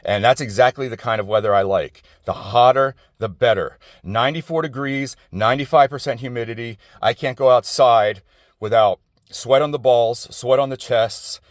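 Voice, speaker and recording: A man's voice: medium pitch, normal speed, no room sound, clean studio sound. A middle-aged man, talking outdoors in a rambling, digressive, profane personal monologue full of restarts. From New Jersey. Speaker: vlogger. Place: outdoors outside an office building.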